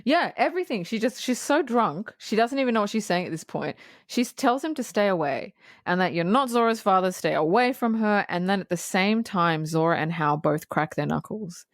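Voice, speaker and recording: A woman's voice: medium pitch, lively intonation, moderate pace, no echo, clean studio sound. A woman co-hosting a podcast, casually retelling movie scenes with laughs and acted-out quotes. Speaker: podcast co-host. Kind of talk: casual movie review chat.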